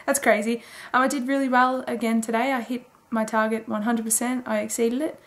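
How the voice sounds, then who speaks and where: Rambling young woman vlogger, flat tone. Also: fairly high pitch, moderate pace. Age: 20s. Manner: rambling, chatty, many fillers. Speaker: daily vlogger. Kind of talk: casual late-night video diary.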